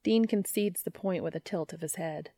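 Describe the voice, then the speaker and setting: A woman narrating a story aloud in a wry, even reading voice, close to the mic. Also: on the low side, moderate pace, dry recording. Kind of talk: fan fiction audiobook reading.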